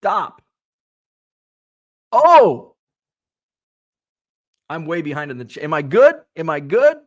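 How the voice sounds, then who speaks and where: A man chats casually through a hobby livestream, his voice sitting a little high. He rambles, drops fillers and reads viewers' comments aloud as they come in. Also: big pitch swings, brisk, lo-fi sound. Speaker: livestream host reading chat.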